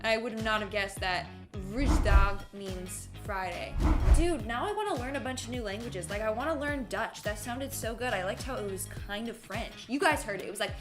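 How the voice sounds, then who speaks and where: A woman's voice: a little high, moderate pace, hardly any pauses, over music. A woman hosting a clip reaction video, chatting casually with slang and giggles. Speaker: host reacting to clips.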